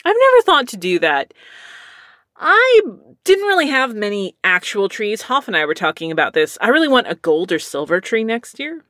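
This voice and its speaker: Woman streamer with a lisp, rambling and giggly, middle-pitched, dry close sound. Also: sing-song, moderate pace, fairly bright tone, no room sound. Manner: rambling and chatty, laughs often. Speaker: streamer reading viewer comments. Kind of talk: casual chat.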